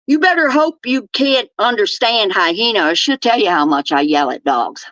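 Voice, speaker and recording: A woman's voice: medium pitch, expressive, normal speed, hardly any pauses, a bit bright, dry recording, muffled recording. An older woman from Texas, hosting her own show with blunt, profane, scolding rants. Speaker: show host. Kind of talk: ranting commentary.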